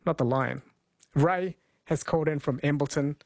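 A man's voice: a little high, moderate pace, vocal fry, very noisy. A man from New Zealand hosting a live radio talkback show, chatting with callers and reading out listener texts. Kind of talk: casual live radio chat. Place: radio studio.

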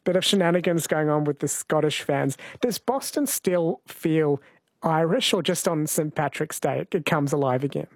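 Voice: medium pitch, normal speed, dry recording. Curious host with a dry close sound. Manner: curious, asks follow-up questions. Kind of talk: casual radio-style conversation.

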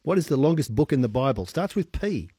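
A man's voice: medium pitch, very animated, brisk, dark tone, husky, no room sound, studio quality. A man hosting a radio quiz, chatty and upbeat, often laughing.

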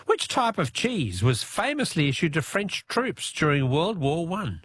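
A man's voice: on the high side, big pitch swings, a little slow, a bit bright, breathy edge. A man hosting a talkback radio quiz, joking, punning and spelling out answers.

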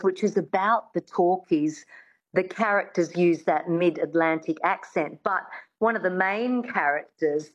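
A woman's voice: fairly low pitch, lo-fi sound. A woman accent coach, chatty and explanatory, talking in a radio interview. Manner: chatty, explanatory, fond of filler words.

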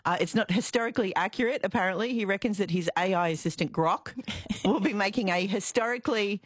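A woman's voice: mid-range voice, dry recording. Woman radio host, dry studio. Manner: brisk, reads listener texts. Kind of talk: morning radio talk. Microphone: studio microphone.

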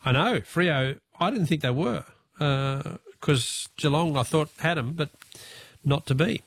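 A man with an Australian accent hosting a talkback radio quiz, chatty and jovial with quick laughs. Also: a little high, breathy edge, no room sound.

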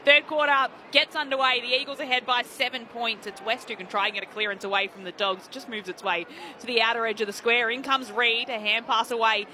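An Australian man calls the play-by-play with a bright, forceful edge. His delivery is brisk and measured, with faint noise around him. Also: extremely high pitch, steady tone. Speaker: play-by-play commentator. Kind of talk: play-by-play sports commentary.

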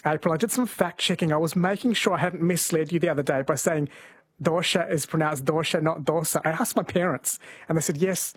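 Husky-voiced male radio host. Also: on the high side, fast talker, no echo. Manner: gentle, chatty, laughs easily. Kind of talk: overnight radio quiz hosting. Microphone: studio microphone.

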